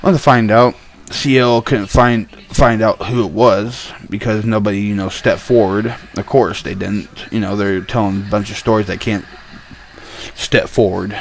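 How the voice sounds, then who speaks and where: A man's voice: lowish voice, moderate pace, vocal fry, a little hiss or hum. Man ranting hotly, swearing freely. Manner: profane, angry, animated. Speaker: vlogger. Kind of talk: heated storytelling rant.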